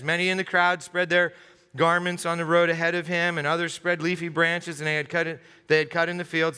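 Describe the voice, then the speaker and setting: An American man preaching a lively interactive sermon in a church, acting out crowd voices and joking with the congregation. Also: sits high. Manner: animated, acts out crowd voices, jokes with congregation. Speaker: pastor. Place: church sanctuary. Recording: long hall reverb.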